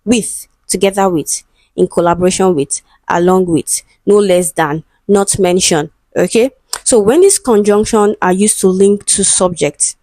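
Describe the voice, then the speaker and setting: A woman's voice: mid-range voice, a little slow, dark tone, dry recording. A woman teaching an exam-prep English lesson, patiently working through answer options, saying words aloud and spelling them out, with frequent "okay" and "right?" checks. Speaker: English tutor.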